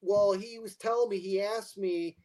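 A man's voice: high-pitched, normal speed, rough recording. An older man, a guest, telling a long rambling anecdote in casual chat. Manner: rambling, animated anecdote-teller. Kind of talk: casual storytelling.

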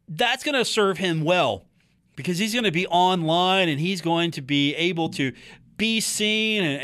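A man's voice: high voice, a bit bright. A man hosting a sports podcast from a talk booth, chatting casually and animatedly about a college football coach and teasing his co-host.

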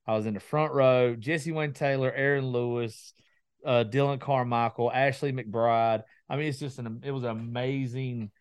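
A man hosting a podcast, telling stories in a casual, animated chat. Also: medium pitch, moderate pace, clean tone, dry recording. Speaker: podcast host.

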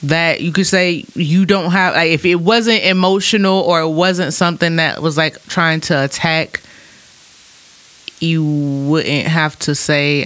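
A man's voice: on the high side, steady tone, a little slow, bright, forceful tone. A man in a casual podcast debate, firm and argumentative, repeating his point.

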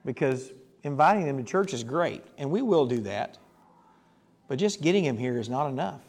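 A man's voice: mid-range voice, lively intonation, normal speed, a little mellow. A male pastor preaching a sermon, telling stories with emphasis and putting questions to the congregation.

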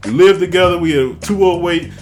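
A man's voice: high-pitched, fairly quick, faint music behind. Boisterous man teasing on a podcast. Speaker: podcast host. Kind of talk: casual podcast banter.

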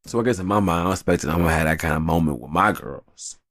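A man in his thirties, a father telling a casual story in an animated, profane, slangy way. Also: low-pitched, fast, no echo, clean studio sound.

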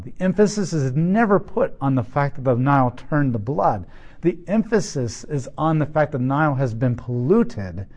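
A man teaching through a Bible passage, animated, with joking asides and rhetorical questions. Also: on the high side. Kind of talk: sermon.

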